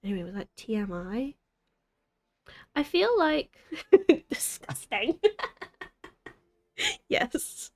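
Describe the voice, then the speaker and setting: Speaking extremely slowly with long pauses, a twenty-something American woman live streams from her apartment in the city, rambling casually and laughing at her own expense. Her voice sits on the high side with big swings in pitch, and she uses a desk mic.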